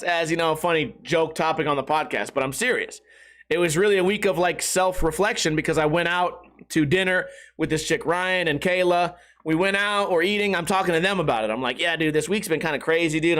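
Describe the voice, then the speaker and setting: A man's voice: fairly high pitch, fairly bright tone. A man hosting a podcast, talking in a profane, rambling, self-mocking way. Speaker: podcast host. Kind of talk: casual podcast monologue.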